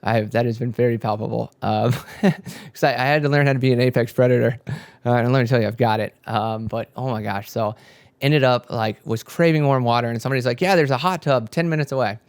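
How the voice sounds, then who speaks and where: A man's voice: medium pitch, brisk, no echo. A young man telling a spiritual story in a casual, rambling way, swearing often and acting out what he and his friends said. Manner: rambling, profane, animated quoting of himself and friends. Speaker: spiritual content creator.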